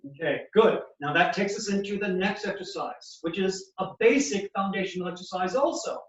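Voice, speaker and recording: A high-voiced male physical therapist walks through knee exercises, explaining each movement as he demonstrates it. He sounds set back from the mic in an echoey clinic room. The audio is slightly dull and muffled. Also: normal speed, recorded from a distance.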